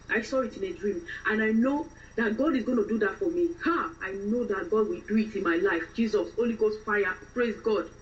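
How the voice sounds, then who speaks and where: A woman's voice: mid-range voice, far from the mic, lo-fi sound, close to an everyday voice. A woman voicing a devout, frustrated Nigerian woman living in London, with a Nigerian accent, preaching and ranting.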